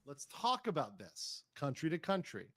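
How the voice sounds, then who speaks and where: A man's voice: fairly high pitch, huge pitch swings, normal speed, a crowd in the background. A man hosting a stream, commenting on clips and reading chat aloud in a careful, hedging way. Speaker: streamer host. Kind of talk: casual commentary reacting to clips.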